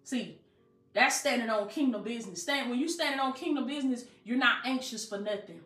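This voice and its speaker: A woman preaches with a high voice, emphatic and colloquial. She keeps calling out to her listeners. The room is echoey, with faint music underneath. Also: brisk, fairly bright tone. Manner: emphatic, call-and-response phrasing, colloquial. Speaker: life coach. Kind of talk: motivational preaching.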